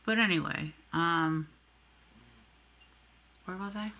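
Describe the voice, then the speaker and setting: A woman's voice: on the low side, slow, vocal fry, sharp tone. A woman in her forties telling a long rambling story while doing her makeup, chatty and swearing freely. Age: 40s. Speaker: beauty vlogger.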